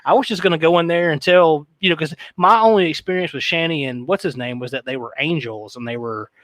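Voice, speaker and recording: Casting: man, rambling profane storyteller, slightly high voice, dry close mic. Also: fast talker, fairly bright tone, dry recording. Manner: rambling, profane, laughs often, mimics voices. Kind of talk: casual storytelling chat.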